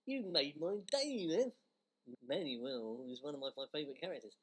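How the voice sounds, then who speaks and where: A woman's voice: sits low, sing-song, moderate pace, slightly rough, voice pushed down, heavily acted. A British woman voicing an eager, grateful young male cook in a comic radio sketch. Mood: gushing.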